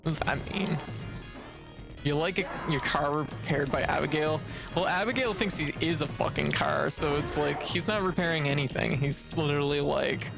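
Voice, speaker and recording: A livestreamer from Canada rants about a game in a gravelly voice, swearing freely and sounding exasperated. The tone stays casual and talkative, like running commentary on a home stream. Game music plays clearly underneath. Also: medium pitch, normal speed. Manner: profane, exasperated ranting with frequent laughs. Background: video game music.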